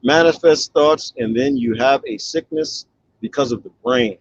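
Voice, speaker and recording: Animated laughing middle-aged man. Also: medium pitch, moderate pace, gravelly, muffled recording, slight background noise. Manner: animated, laughs often, mimics voices in quotes. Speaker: vlogger reading viewer comments. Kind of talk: casual live comment chat.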